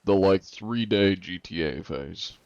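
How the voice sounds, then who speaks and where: Casting: easygoing male streamer, lowish voice, dry slightly muffled mic. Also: slow, darkish tone, smooth, no room sound. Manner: laid-back, joking, reads chat questions aloud. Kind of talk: casual chat with viewers while gaming.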